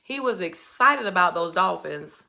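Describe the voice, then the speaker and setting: Her lowish voice is gravelly and sharp in tone, expressive and a little slow. In a casual commentary, she chats her way through a reality show recap, full of expressive storytelling and frequent asides.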